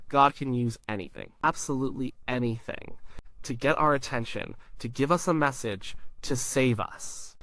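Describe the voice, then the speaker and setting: A man's voice: medium pitch, a bit bright, no room sound. A man narrating a Bible story in short, simple sentences with emphatic repetition.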